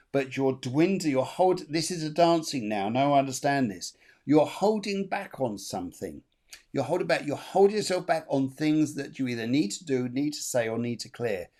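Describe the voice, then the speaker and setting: A man's voice: medium pitch, animated, moderate pace, a little mellow. A man, hosting a live spiritual reading, talking in a chatty, repetitive way and laughing often. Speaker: medium, show host.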